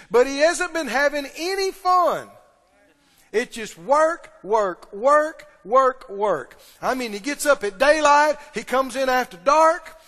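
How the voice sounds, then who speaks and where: Pastor, high lively voice, storytelling sermon, long reverb. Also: male voice. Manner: storytelling, acts out quoted characters, shifts between loud and hushed.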